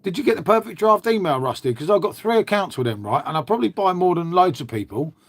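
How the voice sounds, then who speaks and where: A man chats casually on a live stream, matey and loose, with the odd swear word thrown in. His voice sits a little higher than most men's, and he keeps answering the viewers as he goes. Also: expressive, fast talker. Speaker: beer channel host.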